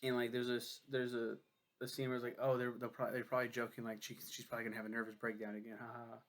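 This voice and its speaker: A man's voice: medium pitch, monotone, racing. A young man reviewing a friend's book in a casual vlog, rambling, cursing freely and poking fun at himself. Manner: rambling, profane, self-deprecating.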